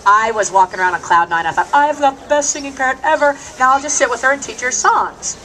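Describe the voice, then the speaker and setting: A woman's voice: high-pitched, fast. A woman hosting a live animal stage show, cracking self-mocking jokes to the audience. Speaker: bird show host and trainer. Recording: loud noisy live show recording.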